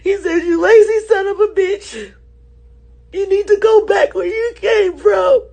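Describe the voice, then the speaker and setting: A distraught woman shouting through tears in a very high, shrill voice. Her voice turns gravelly and frayed as she cries. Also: fairly even intonation, measured pace.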